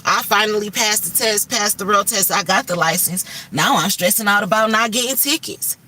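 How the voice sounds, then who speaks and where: A woman's voice: medium pitch, normal speed, sharp tone, far from the mic, a little hiss or hum. A woman hosting a livestream, talking candidly and emphatically about faith and stress and swearing freely. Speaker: livestream host.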